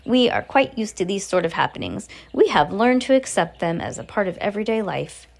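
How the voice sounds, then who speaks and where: A calm, unflappable grandmother, well past sixty, speaking with dry composure, as a woman reads her. She talks in a measured way that never rises. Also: mid-range voice, creaky.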